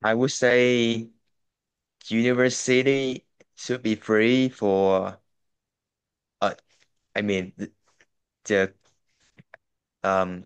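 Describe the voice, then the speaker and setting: A man's voice: on the low side, smooth. A man, a Vietnamese speaker, giving a hesitant practice answer in an IELTS speaking lesson. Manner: hesitant, many fillers and restarts. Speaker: IELTS student.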